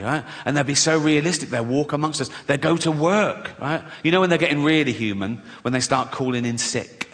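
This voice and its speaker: A man's voice: a little high, a bit bright. An English man doing a stand-up comedy set on a large theatre stage, sardonic and profane, acting out silly voices. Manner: sardonic, acts out silly voices and swears freely. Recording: long hall reverb from a big venue.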